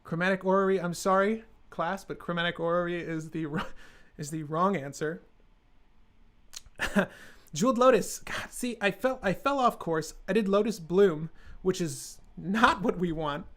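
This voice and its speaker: A man's voice: high voice, lively intonation, measured pace, fairly bright tone. A man hosting a live stream, building a card game deck and joking sarcastically with his chat.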